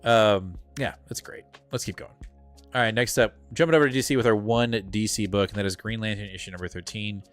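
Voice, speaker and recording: A man co-hosting a live comic book show, talking in a rambling, excitable way with lots of filler words and casual swearing. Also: lowish voice, fairly quick, faint music behind. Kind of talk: casual live-stream chat.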